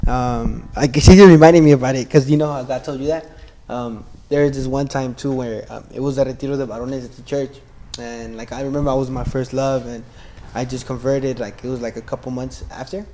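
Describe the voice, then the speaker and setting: A man's voice: medium pitch, fairly even intonation, fairly quick, mellow, slight background noise. A young man casually sharing his church testimony in an earnest, rambling way, full of "like" and "bro".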